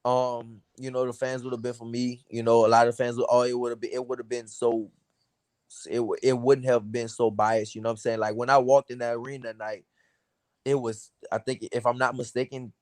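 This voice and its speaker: A laid-back American man talks in a loose, slangy way, full of "you know what I'm saying". His voice sits at a middle pitch, and the sound is dry and close with no room around it. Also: level tone, brisk, a little mellow, no echo. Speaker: boxer, interview guest. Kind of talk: casual chat.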